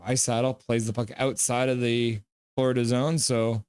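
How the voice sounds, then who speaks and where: A man hosting a live hockey reaction stream, calling plays and reading out chat messages with excitement. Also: mid-range voice, normal speed, clean tone, no room sound, clean studio sound. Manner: excitable, chatty, reads chat aloud.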